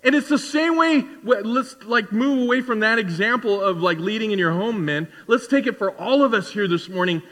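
A man in his forties preaching a sermon in a conversational, animated way, acting out little asides. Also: high voice, moderate pace, few pauses, long reverb tail. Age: 40s. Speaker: pastor. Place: church sanctuary.

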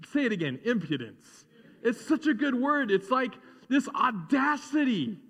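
A male pastor preaching a sermon in a lively, joking way, asking the crowd to repeat words after him. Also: extremely high pitch, unhurried. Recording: dull sound in a reverberant hall.

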